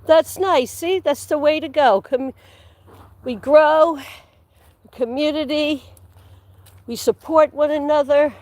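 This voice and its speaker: A woman with a somewhat high voice talks on a livestream as she walks outdoors through the woods. She chats casually with her viewers and rambles from one story to the next. She laughs easily and sometimes drops to a whisper. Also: slow pace, long pauses, darkish tone, no room sound. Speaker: livestream host. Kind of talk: casual chat while walking outdoors.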